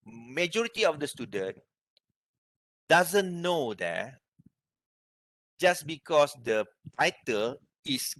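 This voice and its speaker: A man with a Malaysian English accent gives a university lecture and walks the students through each point. His slightly high voice rises and falls in a lively way. The recording is dry, with very little room sound. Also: dry recording. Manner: explains step by step, asks the class if they have questions. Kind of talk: university lecture on research methods.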